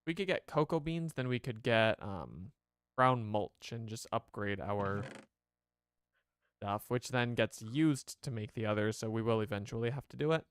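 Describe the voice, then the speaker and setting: A man's voice: on the low side, moderate pace, clean tone, dry recording, clean studio sound. A man streaming a game, chatting casually to his viewers and rambling as he plays. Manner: rambling, chatty, talks to chat.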